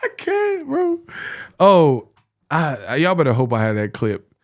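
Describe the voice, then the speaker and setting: A man's voice: a little high, huge pitch swings, a little slow. A young man giving casual boxing commentary, slangy and laughing often, calling listeners bro and y'all. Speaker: boxing vlogger.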